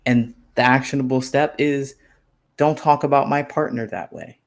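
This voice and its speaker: A man's voice: medium pitch, normal speed, gravelly. A man giving a motivational conference talk as a life coach, repeating phrases for emphasis and acting out quoted lines.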